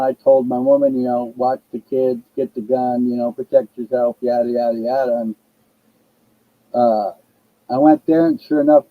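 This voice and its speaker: An older man tells a story in a loose, profane, rambling way. His voice sits a little high for a man. The recording is dry and muffled, with a lo-fi dullness. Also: no echo. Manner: profane, rambling, laid-back. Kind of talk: casual storytelling.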